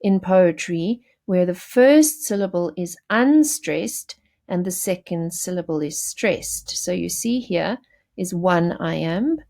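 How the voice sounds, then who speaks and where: Slow-talking woman teacher explaining a poem. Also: lowish voice, expressive, mellow. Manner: explanatory, addresses students directly; frequent fillers and self-corrections. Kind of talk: recorded lesson, poetry analysis.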